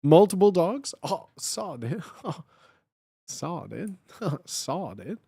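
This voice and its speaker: Young guy streamer, voice all hoarse and gravelly, kinda high, slow and dry sounding. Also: sing-song, warm tone, no room sound. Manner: playful, greets chat over and over, rambling. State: hoarse, voice blown out from talking. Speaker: live streamer. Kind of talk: casual live-stream chat, reading chat aloud.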